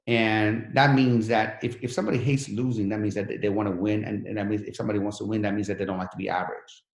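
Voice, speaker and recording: In an interview, a man who arrived in the country as a refugee tells his life story in an earnest, motivational way. His voice is lowish, his delivery flat and fast, and the room is echoey.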